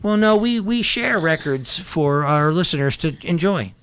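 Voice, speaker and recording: A man's voice: on the high side, expressive, measured pace, fairly bright tone, clean tone. A man from California hosting a casual comedy radio show, easily amused and giggling. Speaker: radio host. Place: radio studio.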